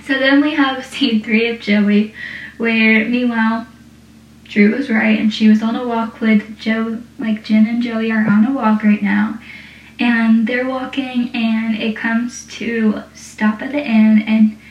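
A woman's voice: a little high, little pitch movement, takes it slowly. A woman casually recapping a TV episode, rambling and saying "like" often. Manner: rambling, heavy use of "like". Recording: echoey room, distant dull mic.

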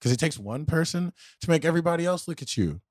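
A young man on a podcast, telling stories in a blunt, profane, animated way. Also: fairly high pitch, quick pace, dry recording, studio quality. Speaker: podcast co-host. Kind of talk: casual chat.

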